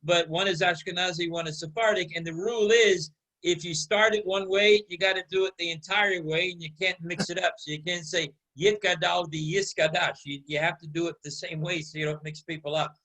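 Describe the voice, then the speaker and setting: Bright high-voiced man leading a discussion. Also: a little fast, poor audio. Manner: questioning, animated, invites others to speak. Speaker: discussion leader and Hebrew teacher. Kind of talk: casual group discussion.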